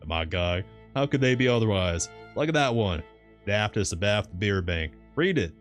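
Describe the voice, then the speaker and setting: A man reading aloud brings to life a garrulous old sailor who rants in thick country dialect. The voice sits higher than the reader's own deep tone but keeps its weight. Faint background music plays under the storybook reading. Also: expressive, normal speed, close to an everyday voice. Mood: insistent. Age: older. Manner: thick rustic dialect, grumbling and scornful.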